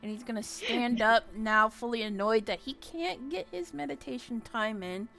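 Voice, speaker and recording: A woman playing a tabletop game, lively and playful, speaking in character. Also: on the high side, normal speed, vocal fry, faint music behind. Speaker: player. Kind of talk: tabletop role-play.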